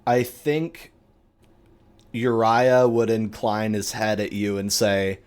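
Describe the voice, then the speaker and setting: A man narrating as game master of a tabletop game, unhurried and rambling with lots of fillers. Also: fairly low pitch, flat delivery, a little mellow, clear, resonant tone.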